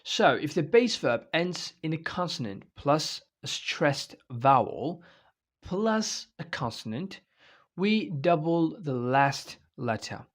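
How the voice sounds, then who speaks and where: A man's voice: on the high side, lively intonation, takes it slowly. A man giving an online English grammar lecture, explaining step by step and checking in often with "okay?" and "right?". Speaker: English teacher.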